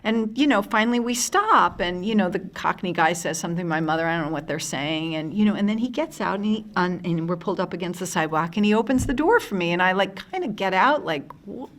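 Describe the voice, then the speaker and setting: A woman in her fifties from the United States, telling lively anecdotes at a convention panel with many fillers and restarts. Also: fairly low pitch, fast, few pauses. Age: 50s. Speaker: panel guest.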